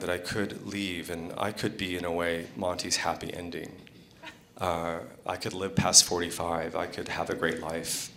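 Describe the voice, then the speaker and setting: A man's voice: deep voice, sharp tone, slight background noise. A man candidly telling a rambling personal story on stage at a live storytelling event, with many fillers and restarts.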